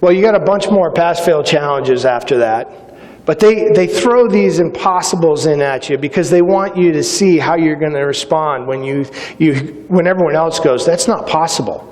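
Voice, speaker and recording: Middle-aged male keynote speaker, animated storyteller who acts out the dialogue, reverberant hall. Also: a little high, moderate pace. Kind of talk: motivational speech with stories.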